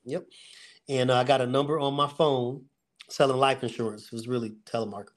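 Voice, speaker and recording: A man's voice: medium pitch, steady tone, fast talker. Earnest middle-aged man telling his story. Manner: earnest storyteller, faith-driven, with fillers and vivid retelling. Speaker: guest, security company owner. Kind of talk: casual podcast testimony.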